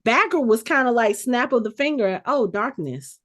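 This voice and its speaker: A woman podcast host casually recapping a TV episode, telling the story with animated energy and acting out the characters' lines. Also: on the high side, brisk. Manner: animated storytelling, acts out quotes.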